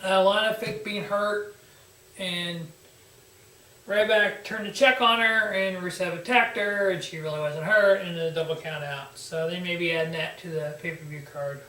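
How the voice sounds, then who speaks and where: High-voiced man recapping, roomy and distant. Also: fairly even intonation, moderate pace, pushed and bright. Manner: blunt, sarcastic, swears freely. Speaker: wrestling review show host. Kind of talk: casual recap commentary. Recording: roomy echo, distant from mic.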